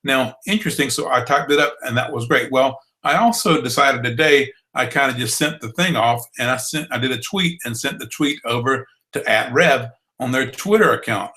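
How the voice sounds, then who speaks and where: Bright-voiced Southern drawl instructor. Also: male voice, mid-range voice, normal speed, hardly any pauses, rough recording. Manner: folksy, encouraging, repeats itself. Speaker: blogging course instructor. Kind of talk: online training broadcast.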